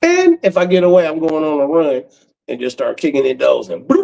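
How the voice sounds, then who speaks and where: A man in his forties doing a profane comedic rant on a livestream, breaking into cackles and swinging from loud outbursts to low mutters. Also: animated, brisk, gravelly, rough recording. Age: 40s.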